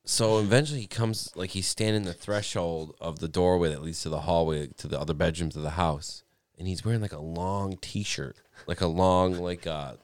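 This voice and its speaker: A man's voice: sits low, normal speed, no room sound, studio quality. Rambling, profane young man telling a story. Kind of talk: casual podcast storytelling.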